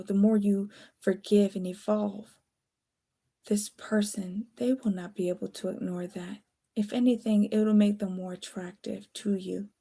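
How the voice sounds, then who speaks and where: A woman's voice: medium pitch, mellow. A tired woman giving a casual, late-night tarot reading, chatty and candid, swearing now and then. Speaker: tarot reader.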